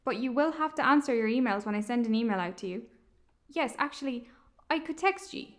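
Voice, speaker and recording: A woman voicing a lonely young woman who plans an opera, talking in a blunt, defensive way in an animated film. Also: on the high side, a little fast, lightly acted.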